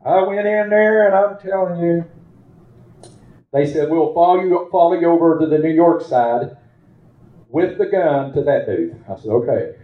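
Male pastor, sermon, folksy storyteller turning fervent, fairly high voice, muffled lo-fi sound. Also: moderate pace. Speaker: preacher. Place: church sanctuary. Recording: roomy, dull lo-fi church recording.

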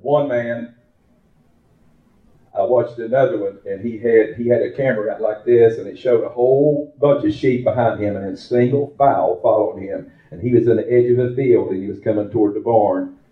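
A man's voice: fairly low pitch, normal speed. A man preaching a sermon, telling a folksy story that builds to fervent exclamations. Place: church. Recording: roomy, dull lo-fi church recording.

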